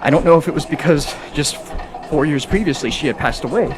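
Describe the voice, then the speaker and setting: A man's voice: fairly high pitch, a little fast. A man ranting casually and a bit preachily while gaming on a treadmill. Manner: talkative, preachy, rambling; exercising on a treadmill while talking. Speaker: gaming streamer. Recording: music clearly behind.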